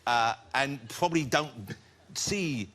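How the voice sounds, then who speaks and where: A man's voice: mid-range voice, slow pace, pushed and bright, slight background noise. A man hosting a talk show, interviewing a guest in a playful, teasing way. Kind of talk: casual chat. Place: TV studio with audience.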